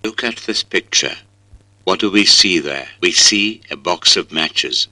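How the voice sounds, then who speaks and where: Very deep, bright-toned male reader. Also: expressive, measured pace, dry recording, rough recording. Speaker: recorded reader. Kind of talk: scripted reading exercise.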